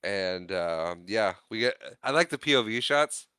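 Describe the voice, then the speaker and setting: A man with a lower voice that still sounds bright and smooth recaps a film for a podcast. He talks casually, laughs often and drops into quick character voices as he retells scenes. The sound is dry and close, with no room echo. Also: expressive. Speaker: podcast co-host. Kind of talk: casual movie recap chat.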